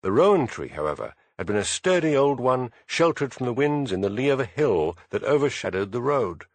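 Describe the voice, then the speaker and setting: A man narrating an audiobook in a measured storytelling manner. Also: medium pitch, sing-song, no room sound. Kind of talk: scripted narration.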